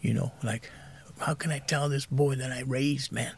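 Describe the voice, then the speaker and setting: A soft-spoken man in his fifties, telling his own story candidly as a podcast guest. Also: mid-range voice, fairly even intonation, moderate pace, creaky, slight background noise.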